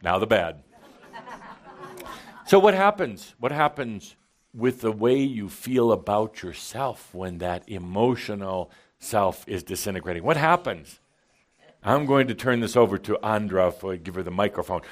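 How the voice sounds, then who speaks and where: A man giving a playful, animated channeled talk to a live audience in a hall, often laughing along with them. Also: fairly low pitch, measured pace. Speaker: spiritual teacher channeling to an audience.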